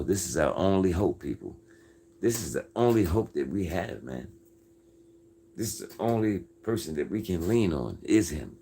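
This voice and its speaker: Deep-voiced man preaching to his viewers. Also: warm tone, slight background noise. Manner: folksy, keeps tagging lines with "folks" and "man"; earnest, preacher-like insistence. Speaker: livestream host reading viewer comments. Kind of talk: casual faith-based livestream talk.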